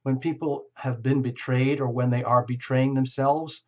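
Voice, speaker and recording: A man at an ordinary middle pitch talks through a tarot reading in a gentle, reassuring way. He muses and circles back on his words, with plenty of fillers. The audio is a little dull and lo-fi. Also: fairly even intonation, normal speed. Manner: musing, repeats words, frequent fillers. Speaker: tarot reader. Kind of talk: casual tarot reading monologue.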